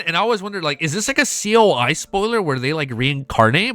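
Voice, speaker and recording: A man's voice: fairly high pitch, very animated, quick pace, sharp tone, no echo, faint music behind. A man with a congested nose reading a webnovel aloud as a reaction streamer, swearing freely and breaking into emotional exclamations.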